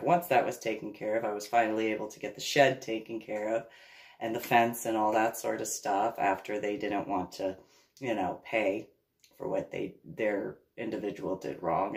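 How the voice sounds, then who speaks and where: With a bass voice, a woman casually tells a long personal story, rambling and animated, laughing and restarting as she goes.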